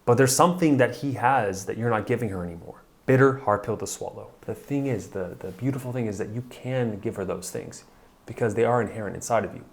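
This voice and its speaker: A man's voice: fairly low pitch, brisk. A man coaching husbands in a blunt, pushy motivational talk, swearing for emphasis. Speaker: marriage coach.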